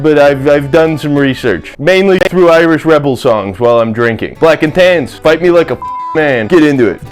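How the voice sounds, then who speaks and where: A young man hosting a comedy video in his home kitchen, rambling irreverently, swearing and cutting himself off mid-word. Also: a little high. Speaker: comedy cooking host.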